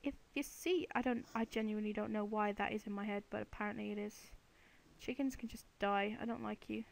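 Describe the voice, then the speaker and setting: A woman's voice: medium pitch, fairly even intonation, a little fast, vocal fry. A woman giving casual, chatty commentary while playing a video game, playfully talking to the animals and monsters on screen. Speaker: let's play gamer.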